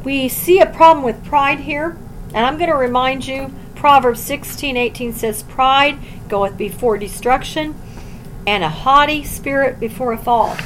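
A woman teaching a Bible study, reading scripture aloud and explaining it plainly, swinging from loud emphasis to quiet low asides. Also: measured pace, a little hiss or hum, rough recording.

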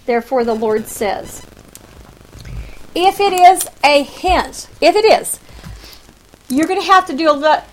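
A woman teaching through a Bible passage, animated and emphatic, with rhetorical questions, conversational asides and sudden rises and drops in loudness. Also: high voice, rough recording.

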